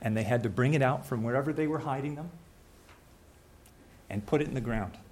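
A man's voice: medium pitch, fairly quick, darkish tone, slightly rough. Conversational man preaching a sermon. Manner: conversational, acts out little scenes with voices.

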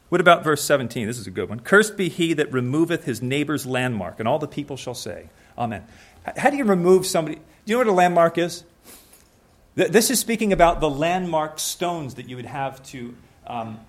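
A young man with a slightly high voice preaches a sermon conversationally, acting out small scenes and switching voices quickly.

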